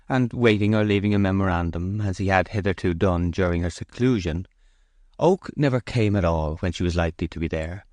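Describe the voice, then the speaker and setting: A man narrating a classic novel as an audiobook in measured, even scripted narration. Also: sits low, dry recording, clean studio sound.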